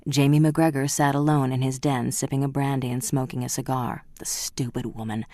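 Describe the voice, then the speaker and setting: Woman, audiobook narrator, very low voice, dry close sound. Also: little pitch movement, moderate pace, warm tone, no room sound.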